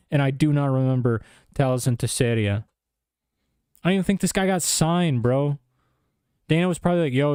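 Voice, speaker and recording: A man's voice: fairly high pitch, darkish tone, smooth, no room sound, clean studio sound. Exasperated young man ranting about fights. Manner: exasperated, incredulous, says "bro" a lot. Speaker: MMA commentator. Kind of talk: casual opinion rant.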